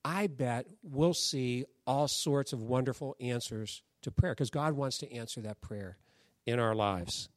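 Preaching a sermon in a church sanctuary, a man with a mid-range voice speaks at a measured pace with no room sound. As pastor, he relates stories conversationally and acts out the voices of the people involved.

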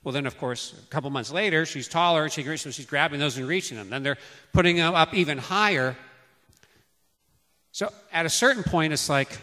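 A preacher in his fifties delivers a sermon on parenting, sharing family stories and loudly acting out how he used to call his children. His voice is on the high side and brisk, with a long hall reverb around it.

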